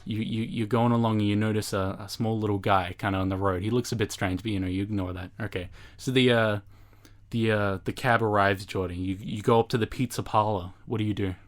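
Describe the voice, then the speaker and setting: A man's voice: fairly low pitch, steady tone, brisk. A man co-hosting a casual comedy podcast, playfully running a made-up role-play scenario and pushing his friend along. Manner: playful, insistent, breaks into laughter.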